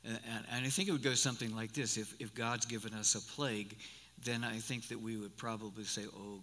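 Older pastor guy, 60s, folksy rambling sermon, bright tense voice, big hall echo, faint room hum. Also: lowish voice. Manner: folksy and rambling, with many repeated starts. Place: church sanctuary. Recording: live church recording with long hall reverb.

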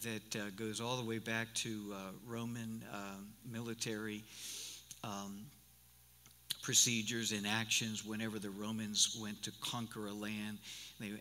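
Folksy sixty-something pastor in a reverberant church. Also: male voice, fairly low pitch, bright, forceful tone. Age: 60s. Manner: folksy and rambling, with many repeated starts. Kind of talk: sermon. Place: church sanctuary. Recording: live church recording with long hall reverb.

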